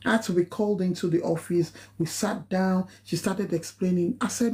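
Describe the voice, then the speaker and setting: A Nigerian-accented woman speaks in a mellow, darker voice, lecturing her viewers like a preacher. She hammers her points and leaps up in pitch on sharp, insistent phrases. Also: normal speed, few pauses. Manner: emphatic, preachy, rising to high exclamations. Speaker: nurse giving a live talk. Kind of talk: impassioned live-stream talk.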